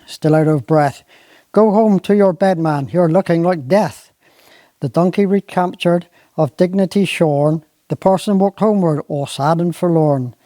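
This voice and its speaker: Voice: mid-range voice, dark tone, no room sound. Cornish dialect storyteller reciting comic verse. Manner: rhythmic, sing-song verse telling. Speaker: dialect performer.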